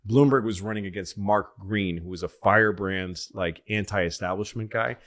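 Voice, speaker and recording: Animated storytelling man on a podcast. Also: on the low side, normal speed. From Massachusetts, USA. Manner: animated storyteller, acts out quoted voices loudly. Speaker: podcast host. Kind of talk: casual storytelling chat.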